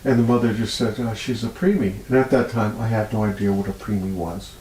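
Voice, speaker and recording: A man's voice: brisk, roomy sound, a little hiss or hum, poor audio. A man being interviewed as a healer, telling stories with much feeling and laughing often. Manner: animated storyteller, laughs often, voice rises high when moved. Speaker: healer guest. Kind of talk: storytelling interview.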